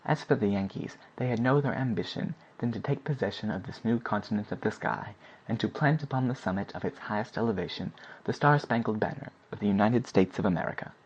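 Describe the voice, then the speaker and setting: A man narrating a classic novel as an audiobook in a steady, even reading. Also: on the low side, quick pace, breathy edge. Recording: dull lo-fi recording.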